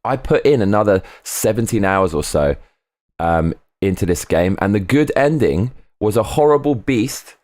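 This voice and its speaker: Rambling low-voiced male streamer. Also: lively intonation, normal speed, darkish tone, dry recording, studio quality. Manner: rambling and chatty, swears freely; reads viewer comments aloud. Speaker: live streamer reading chat. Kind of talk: casual live-stream chat.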